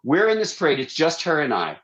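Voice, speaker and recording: A man guesting on a talk show spins a long, animated family story in casual fashion, voicing the people in it himself. He talks fast in a slightly high voice, and the recording is muffled.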